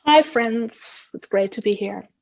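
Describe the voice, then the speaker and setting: A woman's voice: a little high, unhurried, vocal fry, a little mellow. Explanatory woman guest on dull audio. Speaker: guest philosopher. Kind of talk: academic interview answers.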